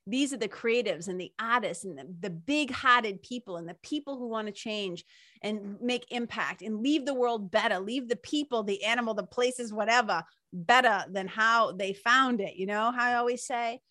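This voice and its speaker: A woman's voice: fairly high pitch, moderate pace, no echo, studio quality. A woman telling a personal story in a casual, emotional monologue, full of fillers and laughter. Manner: animated, emotional, many fillers like "like" and "you know"; breaks into laughter. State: emotional, near tears.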